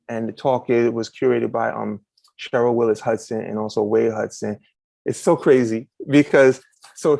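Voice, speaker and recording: Lively male author guest, acts out quotes, dry close sound, casual storytelling. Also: medium pitch, gravelly, dry recording. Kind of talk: casual interview chat.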